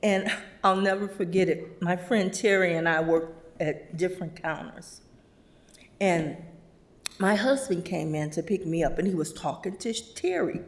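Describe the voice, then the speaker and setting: A woman's voice: fairly low pitch, a little slow. Brief: middle-aged woman, eulogy storyteller, laughs through anecdotes, mimics voices. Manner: anecdotal, laughs often, acts out quoted voices. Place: funeral service.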